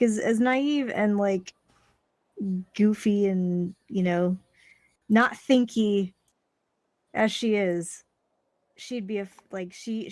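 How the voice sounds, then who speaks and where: A woman's voice: medium pitch, a little mellow, no room sound. A woman chatting casually about her tabletop character, giggly and rambling with lots of fillers. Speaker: tabletop game player.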